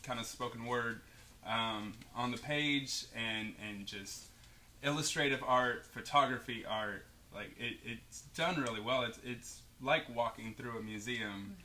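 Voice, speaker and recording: A man's voice: mid-range voice, measured pace, bright, forceful tone, a little hiss or hum. A man hosting a late-night talk show, upbeat, laughing often and hyping up his guests. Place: stage with live studio audience. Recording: live audience crowd audible. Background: audience laughter.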